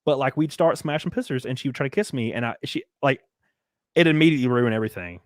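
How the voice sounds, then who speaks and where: A man's voice: a little high, animated, quick pace, no echo, studio quality. A young man hosting a podcast, talking crudely in a casual, rambling way with many restarts. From American South. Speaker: podcast host. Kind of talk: casual chat.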